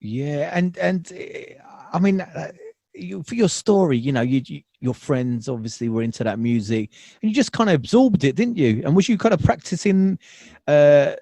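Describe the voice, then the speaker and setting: Mellow-voiced man hosting an interview. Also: a little high, expressive, normal speed, creaky, no room sound. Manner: hesitant, encouraging, restarts questions. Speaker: podcast host. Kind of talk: casual interview.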